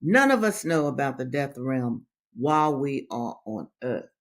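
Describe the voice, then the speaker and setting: A woman reading aloud and commenting to her audience at an unhurried, deliberate pace. She presses her points by repeating key phrases and talks straight to her listeners as brothers and sisters. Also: extremely low pitch, sing-song. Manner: emphatic, repeats phrases for stress.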